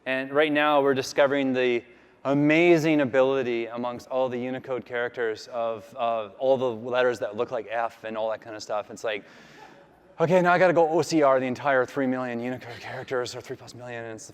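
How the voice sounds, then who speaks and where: A man from Canada gives a loose, filler-heavy conference talk with a live demo. His voice is smooth and clear, at an ordinary pitch. Long reverb from a large hall hangs on his words. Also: steady tone, fairly quick. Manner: chatty, rambling, filler-heavy. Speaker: conference speaker.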